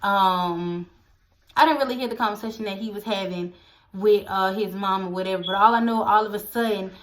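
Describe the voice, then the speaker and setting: A young woman, casually telling a storytime vlog, animated and addressing viewers directly. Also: medium pitch, a little fast. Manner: animated, acts out quoted voices, addresses viewers as y'all. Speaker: storytelling vlogger.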